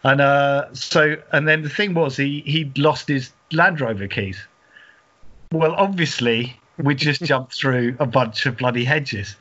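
A man's voice: medium pitch, a little slow, sharp tone. A middle-aged man from England, co-hosting a podcast, telling a long story in a rambling way, laughing and restarting often. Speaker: podcast co-host. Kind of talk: casual storytelling chat. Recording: dull lo-fi audio.

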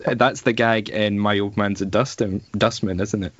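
Dry, deadpan man. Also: fairly low pitch, normal speed, no echo, lo-fi sound. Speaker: podcast co-host. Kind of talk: casual chat.

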